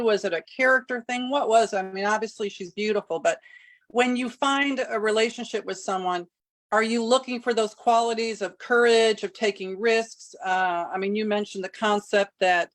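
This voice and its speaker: An interviewer asking long, winding questions that build up slowly before the point. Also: mid-range voice, a bit bright.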